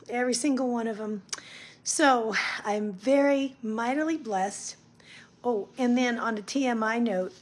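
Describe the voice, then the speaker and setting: A woman talks casually to the camera in her home schoolroom as she recovers from surgery. Her voice sits a little high, with a mellow tone and a touch of huskiness. She swings from quiet, tired stretches to bubbly gushing. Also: breathy edge. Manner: chatty, gushing when excited, soft and low when tired. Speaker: vlogger.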